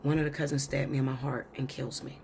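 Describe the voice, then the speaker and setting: A woman's voice: rumbling low, level tone, fast, gravelly, darkish tone, slight background noise. A woman tarot reader telling a long story in a blunt, profane, insistent way. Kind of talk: storytelling monologue.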